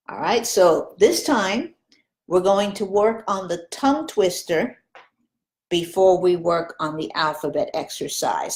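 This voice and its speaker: A woman's voice: lowish voice, a little mellow. A woman teaching Spanish pronunciation in an online lesson, patiently modeling each sound and coaching the listener.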